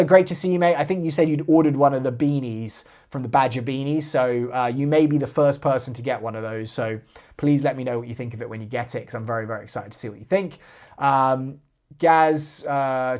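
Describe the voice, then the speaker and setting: A man hosting a live airsoft stream, chatting casually and reading out viewer comments between giveaway talk. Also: medium pitch. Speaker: airsoft channel host.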